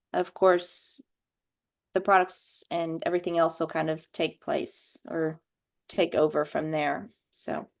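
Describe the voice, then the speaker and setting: A woman sharing book notes in a casual video-call discussion, unhurried and thoughtful, with many ums. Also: fairly low pitch. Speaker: book study participant.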